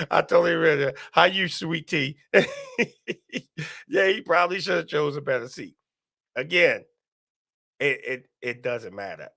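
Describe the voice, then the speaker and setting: A man's voice: medium pitch, vocal fry, sharp tone, no room sound, studio quality. A man hosting a casual live stream, talking to viewers and reading their comments aloud, repeating himself often. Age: adult, parent.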